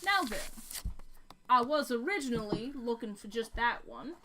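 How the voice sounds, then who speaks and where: A sly, smooth-talking trader drawls in a put-on Texan accent, as a woman voices him. The voice sits a little high for a man. He lingers on his words with easy confidence. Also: animated, normal speed, sharp tone, a little hiss or hum.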